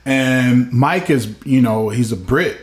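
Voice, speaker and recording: A man co-hosting a podcast, chatting casually and telling lively stories. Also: medium pitch, slow, echoey room. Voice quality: animated storyteller, slips into imitated voices. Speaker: podcast co-host. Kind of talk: casual chat.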